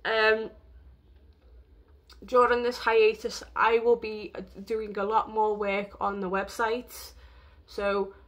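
A woman's voice: mid-range voice, little pitch movement, slow. A woman vlogging in a rambling, emotional way, with lots of fillers. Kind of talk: casual vlog talk.

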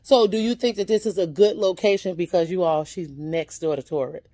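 A woman's voice: lowish voice, brisk, mellow. A woman hosting a casual shopping vlog, chatty and upbeat as she talks straight to her viewers while touring an indoor boutique on a handheld camera. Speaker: vlogger touring a store.

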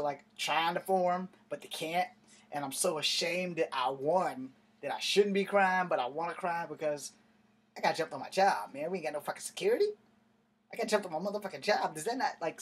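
A young man doing stand-up storytelling in an animated, profane, conversational way. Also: on the high side, slightly rough. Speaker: comedian.

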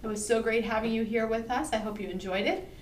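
For toddler storytime, a woman librarian reads a picture book in a voice on the high side, quick-paced and fairly even in intonation, yet still sing-song as she urges the children to join in. A slight hiss or hum sits under the roomy, distant-mic recording with faint ambience.

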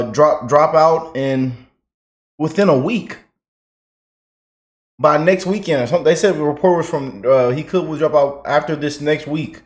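A man giving casual political reaction commentary, chatty and loose, laughing often and repeating himself. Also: a little high.

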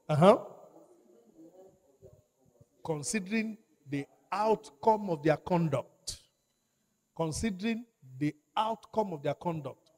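A man's voice: on the high side, animated, slow pace, pauses often, darkish tone. A man preaching a sermon, repeating key phrases and calling out to his congregation for responses. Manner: emphatic, repeats phrases and calls for audience response. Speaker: pastor.

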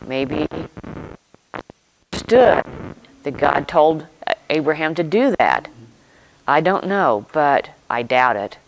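A pastor preaching a sermon, retelling a scripture story in slow, deliberate short phrases with pauses and reflecting aloud. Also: mid-range voice, lively intonation, gravelly, slight background noise, rough recording.

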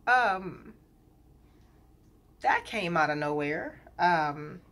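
Woman in her 30s vlogging, bright voice, a bit low, candid and chatty with lots of ums. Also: a little slow. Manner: chatty, candid, gets emotional, many fillers. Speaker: colon hydrotherapist and business owner. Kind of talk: casual vlog to viewers.

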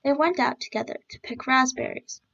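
A woman reading a storybook aloud as a storyteller, in a steady, even-paced read-aloud manner, on a dull lo-fi recording. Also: high voice, brisk, gravelly.

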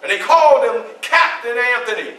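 A grave, earnest formerly enslaved man, played by a male reenactor tells his story in a theatrical first-person monologue. He leans on emphatic repetition, and his voice is high and bright. It was recorded by a distant camera in a very echoey room with a faint background hum. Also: animated, normal speed, exaggerated voice. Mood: solemn. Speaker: historical reenactor. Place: library event room.

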